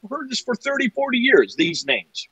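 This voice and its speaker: An older man giving an animated lecture-style talk, emphatic and repeating phrases for effect. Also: very high voice, normal speed, slightly rough, dry recording, lo-fi sound. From United States. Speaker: guest speaker.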